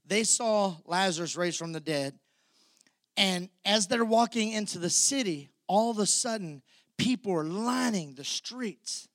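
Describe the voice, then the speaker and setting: A man's voice: high voice, lively intonation, a little slow, a bit bright, dry recording, clean studio sound. A man preaching a sermon as pastor, retelling scripture vividly and calling out to the congregation. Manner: vivid storytelling, audience call-outs.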